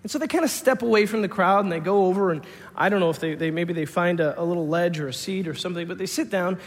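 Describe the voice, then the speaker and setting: Pastor guy, chatty sermon storytelling, lots of restarts, high voice, echoey church hall. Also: fast. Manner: conversational, frequent restarts. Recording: long hall reverb.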